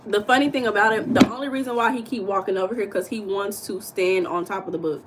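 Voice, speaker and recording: An American woman hosting a casual livestream, chatting and reading viewer comments in a blunt, animated way, with occasional swearing and emphatic bursts. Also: medium pitch, quick pace, background noise. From United States. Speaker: livestream host.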